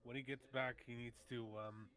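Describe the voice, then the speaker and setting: A man's voice: mid-range voice, little pitch movement, fairly quick, bright, forceful tone, clear, resonant tone. A man playing a tabletop game, teasing the others and laughing often. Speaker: player. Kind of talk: casual chat during a tabletop game.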